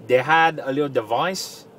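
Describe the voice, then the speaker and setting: A man's voice: on the high side, a little slow, a bit bright. A middle-aged man from southern Louisiana, a radio fill-in DJ, talking in a rambling, self-mocking way in a casual vlog while he drives. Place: inside a car. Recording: mic a bit distant, faint road noise.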